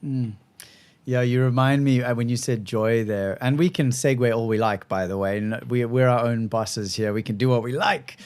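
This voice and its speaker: A man's voice: mid-range voice, moderate pace, a little mellow, clean tone. A man hosting a podcast, chatting casually in a playful, self-deprecating way, from South Africa. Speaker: podcast host. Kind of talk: casual conversation.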